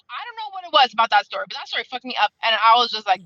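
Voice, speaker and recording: A woman's voice: sits high, very animated, racing, few pauses, sharp tone, dry recording, lo-fi sound. Heated, swearing woman on a video call. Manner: heated, profane, rambling venting. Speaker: book club member. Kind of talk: casual chat.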